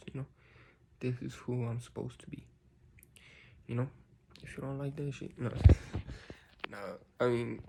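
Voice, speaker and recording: A man's voice: medium pitch, creaky, darkish tone, slightly rough. A man talking casually and reflectively to his viewers, rambling with many fillers like "you know" and "like". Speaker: vlogger. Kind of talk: casual personal talk to camera.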